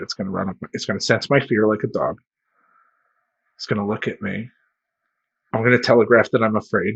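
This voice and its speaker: Gravelly, husky male storyteller, animated and self-mocking, mid pitch. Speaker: life coach telling a story. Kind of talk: comedic personal storytelling. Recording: dull lo-fi sound.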